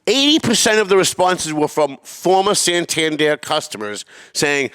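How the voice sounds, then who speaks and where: A middle-aged man hosting a podcast, telling a story in an animated, swearing rant that climbs toward yelling. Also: a little high, normal speed, clean tone. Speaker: podcast host.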